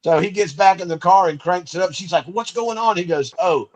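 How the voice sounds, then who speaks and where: A man's voice: sits high, a little fast, darkish tone, slight background noise, rough recording. A man co-hosting a podcast, telling a rambling anecdote in a casual, laughing way, from Georgia. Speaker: podcast co-host. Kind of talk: casual storytelling.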